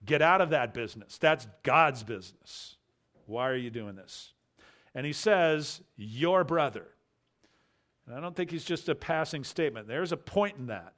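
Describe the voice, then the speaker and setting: A man preaching an expository sermon, emphatic, with rhetorical questions and quiet asides. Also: medium pitch. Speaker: pastor.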